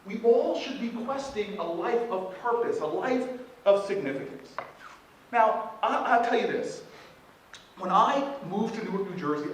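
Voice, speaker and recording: Man, 40s, motivational speech, animated, jokes with crowd, far from mic, faint background hum. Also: high-pitched. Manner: animated, joking with the audience. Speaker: keynote speaker at a leadership event. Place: large event hall. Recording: echoey hall from far off.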